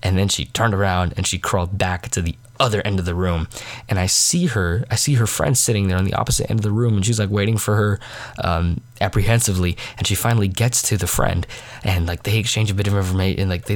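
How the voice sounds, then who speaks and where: Young man, low voice, rambling, filler-heavy, self-mocking, sniffly, podcast storytelling. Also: steady tone, fast. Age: young adult. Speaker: podcast host. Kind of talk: casual late-night storytelling monologue.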